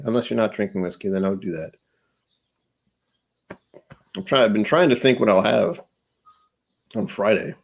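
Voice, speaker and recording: A man hosting a live stream, chatting casually and rambling, tired and self-deprecating, greeting viewers by name. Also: fairly low pitch. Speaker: livestream host.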